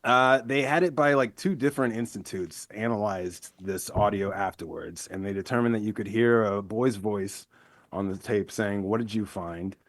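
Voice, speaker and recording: A man's voice: fairly low pitch, moderate pace, no room sound. A man co-hosting a true-crime podcast in casual chat, explaining details at length on a close mic. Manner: explains at length, acts out quotes. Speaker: podcast co-host.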